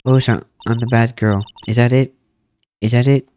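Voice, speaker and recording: A man's voice: mid-range voice, fairly even intonation, normal speed, dark tone, slight background noise, close to an everyday voice. A man voicing a sassy, bratty young woman witness in a game, with a whiny, mocking and indignant manner. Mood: flustered. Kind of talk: voicing a video game's text for a let's play.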